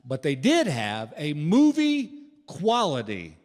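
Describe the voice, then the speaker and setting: A man's voice: fairly high pitch, huge pitch swings, takes it slowly, darkish tone. A man doing stand-up comedy, telling a folksy story with chuckles, recorded live in a theater. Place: large theater stage. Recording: live theater reverb with audience noise.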